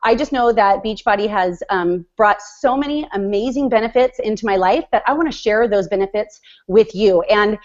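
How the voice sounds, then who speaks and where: A gushing, excitable woman in her forties tells her coaching story on a group call. Her pitch is middling. The line sounds dull and lo-fi. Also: moderate pace, hardly any pauses. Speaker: fitness business coach.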